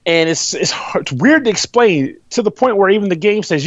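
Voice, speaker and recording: A man's voice: high voice, lively intonation, normal speed, few pauses, a bit bright, dull audio. A man hosting a podcast, explaining a game in rambling, loose and profane casual chat. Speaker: podcast host reviewing a game.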